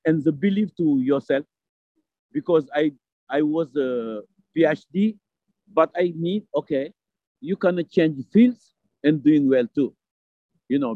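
Halting man in his fifties on a thin line. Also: a little high, no room sound. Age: 50s. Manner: halting, simple phrasing. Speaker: store owner guest. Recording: dry, phone-like sound.

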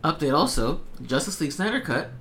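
Lively joking man chatting. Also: fairly high pitch, brisk. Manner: animated, laughs often, mocking jokes. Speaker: podcast co-host. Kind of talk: casual chat.

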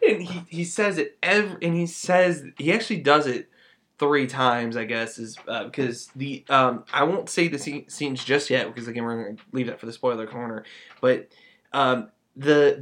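A man co-hosting a casual film review podcast, rambling with restarts and fillers, then animated when he acts out lines. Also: mid-range voice, normal speed. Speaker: podcast co-host. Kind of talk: casual movie review chat.

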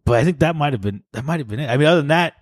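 A young man co-hosting a casual podcast chat, telling stories in a relaxed way with plenty of fillers. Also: a little high, very fast, no room sound, studio quality. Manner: relaxed, reflective storyteller with fillers. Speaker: podcast co-host.

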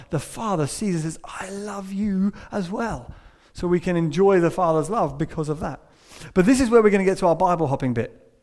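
Guy giving a sermon, slightly high voice, goes quiet then punchy. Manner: storytelling, shifting between hushed and emphatic. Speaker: preacher.

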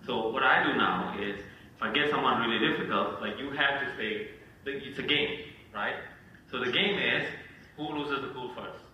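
A man talks shop as a physician in a loose podcast chat, and he acts out his phone calls as he tells them. His voice is very bright and sharp. He sits back from the mic in a strongly echoing room with faint noise behind. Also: medium pitch, moderate pace, distant mic. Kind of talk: casual podcast discussion.

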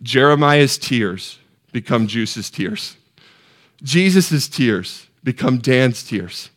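Male pastor, mid-pitched voice, sermon delivery: quiet and tender one moment, rising to loud peaks the next, questions to the room. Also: expressive, slow. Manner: passionate, swings from hushed to soaring shouts; asks the congregation questions. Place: church sanctuary.

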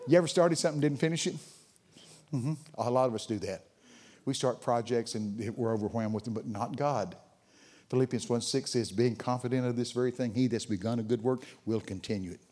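A medium-pitched male voice, darkish in tone with a breathy edge, belongs to an older man preaching as a guest speaker. He tells stories and engages in chat with the audience.

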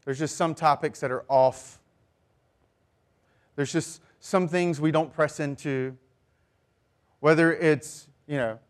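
A man preaching a sermon as pastor, lively, sometimes mimicking passive-aggressive remarks in a high voice. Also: smooth.

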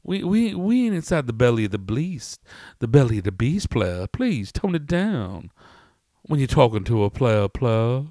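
A man voicing a smooth-talking restaurant counter worker who asks a customer to calm down. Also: mid-range voice, normal speed, no room sound, studio quality. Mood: firm, pleading. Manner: calm but firm, says "player" a lot.

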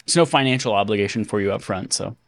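A man's voice: fairly low pitch, quick pace, gravelly, no echo. Chatty laughing man, dry sound. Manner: chatty, laughs often, trails off and restarts. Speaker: podcast co-host. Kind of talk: casual chat.

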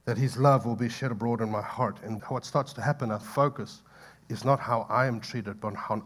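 Male pastor mid-sermon, impassioned, swings loud to soft, mid-pitched. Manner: impassioned, building to loud pleading peaks then dropping soft; conversational asides to the congregation.

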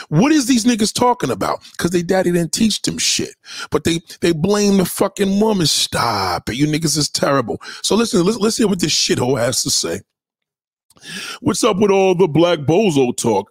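A man hosts a livestream, talking in a loose, profane and confrontational way. His pitch swings up and down a lot, and the sound is dry and close, with no room behind it. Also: big pitch swings, moderate pace, husky, no echo. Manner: profane, confrontational, shout-outs to viewers. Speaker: livestream host. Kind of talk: casual livestream rant.

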